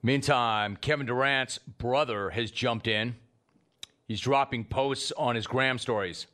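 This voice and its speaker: A male radio host with a mid-range voice, talking fast and loose on a call-in show. He teases his producer with mock exasperation and keeps the banter rolling. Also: mid-range voice, pushed and bright.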